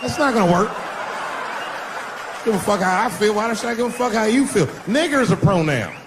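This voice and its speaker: A man doing stand-up comedy, telling stories in an animated, profane way. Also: high-pitched, quick pace, noisy background.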